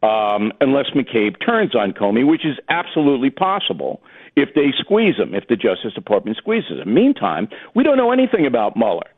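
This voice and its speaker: A man's voice: medium pitch, huge pitch swings, moderate pace, breathy edge. A middle-aged man giving blunt, opinionated political commentary as a guest. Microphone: telephone. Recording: phone-line call-in.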